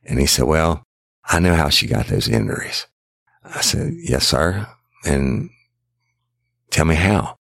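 A man's voice: very deep voice, big pitch swings, a little slow, gravelly, long pauses, fairly bright tone, breathy edge, no echo, studio quality. A middle-aged man, a former detective telling a case story in a casual, rambling way that quotes others and keeps repeating "I said.". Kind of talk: casual first-person storytelling.

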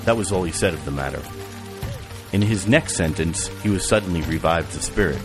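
A man narrating an audiobook in an even, measured reading style. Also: sits low. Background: music and rain.

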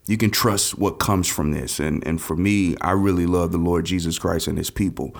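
A man speaking as a guest on his wife's podcast, heartfelt and halting, with many ums. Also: sits low, steady tone, gravelly. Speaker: podcast guest, host's husband. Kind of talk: casual podcast interview.

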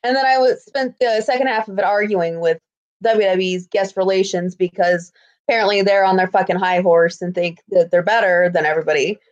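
A woman's voice: medium pitch, steady tone, fairly quick, lo-fi sound. A woman in casual chat, telling a story bluntly and animatedly, swearing freely.

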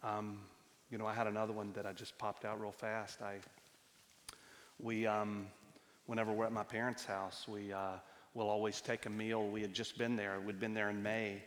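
A pastor with a fairly low, somewhat bright voice preaches at a moderate pace with flat delivery, his words carrying a big-room sound in the church hall. He recounts personal stories conversationally, often restarting mid-thought.

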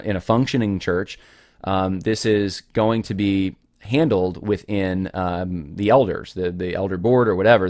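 Low-voiced man teaching scripture, dry sound. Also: no room sound. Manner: conversational, earnest, many fillers and restarts. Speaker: Bible teacher. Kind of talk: informal Bible teaching.

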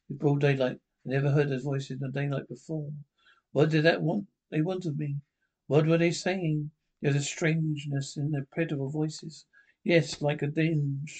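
A man's voice: on the high side, darkish tone. A man playing a haunted, tormented lecturer who narrates his own descent into madness, in a 1930s radio drama. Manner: anguished, breathless, theatrical. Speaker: narrating protagonist.

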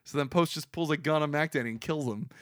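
A man hosting a podcast, casually recapping a movie with frequent laughter and lively put-on quotes. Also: a little high, fast talker, a little hiss or hum. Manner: laughs often, animated retelling with put-on quotes. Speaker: podcast host.

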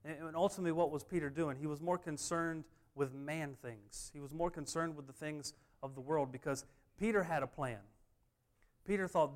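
A man preaching a sermon, his voice sitting somewhat high for a man. He hammers home his points with repeated refrains and an emphatic, earnest delivery. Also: normal speed. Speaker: pastor.

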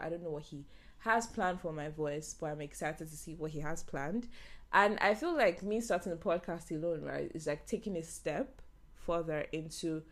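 A young woman hosting a solo podcast, talking casually and animatedly and laughing often. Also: fairly low pitch. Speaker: podcast host.

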